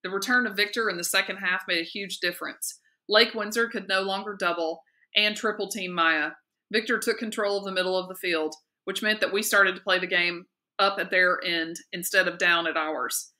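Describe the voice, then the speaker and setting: A woman teacher reading a novel aloud in a steady, lively and expressive way. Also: on the low side, moderate pace. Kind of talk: read-aloud narration of a novel.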